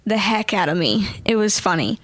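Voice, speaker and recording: A young woman, a ventriloquist guest, chatting in an interview, bubbly and quick to laugh as she tells stories. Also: medium pitch, lively intonation, fairly bright tone, dry recording. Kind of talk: casual interview chat.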